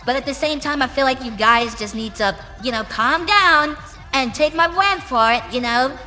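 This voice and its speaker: Casting: brash, swearing woman musician from the UK, high sharp voice, long reverb with music underneath. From United Kingdom. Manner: brash and profane, drawn-out emphatic phrases. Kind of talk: casual interview answers. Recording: reverberant room with music behind.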